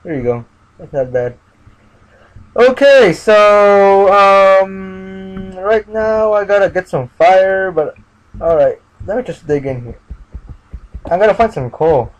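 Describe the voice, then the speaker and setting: A man's voice: high-pitched, slow pace, soft background music. A man giving casual gameplay commentary, muttering to himself and chanting sing-song refrains. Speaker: gamer. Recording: dull lo-fi mic with light noise.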